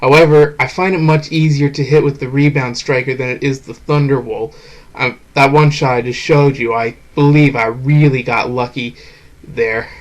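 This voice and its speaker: A man gives voice-over commentary on a video game in a relaxed, conversational way. His pitch sits in an ordinary middle range. He talks frankly and lets a curse slip when the game gets to him. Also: normal speed, highs cut off. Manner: casual, frank, swears when frustrated. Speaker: game reviewer host.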